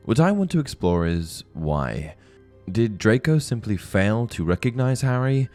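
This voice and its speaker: A man with a deep, low voice narrates a scripted book-theory video in a measured way. His delivery rises and falls with lively emphasis, over faint background music. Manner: clear, measured storytelling with expressive emphasis. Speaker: host of a book-theory channel.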